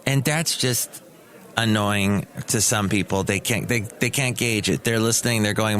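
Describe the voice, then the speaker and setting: A man's voice: fairly low pitch, unhurried, a bit bright. A man hosting his own podcast, talking alone in a rambling, sarcastic, self-mocking way. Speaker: podcast host. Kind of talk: casual solo podcast monologue. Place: small cafe studio.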